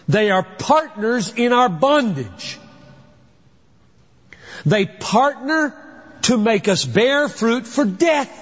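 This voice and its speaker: A man preaching a sermon, emphatic, posing rhetorical questions and then answering them. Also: high-pitched. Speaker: pastor. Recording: dull lo-fi recording with long hall reverb.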